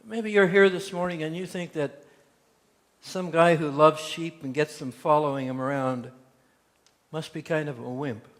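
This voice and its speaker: In a fairly high, steady voice and at a moderate pace, a man preaches as pastor in a church sanctuary. His sermon is built on folksy tales with quotes he performs aloud, all carried by long church reverb.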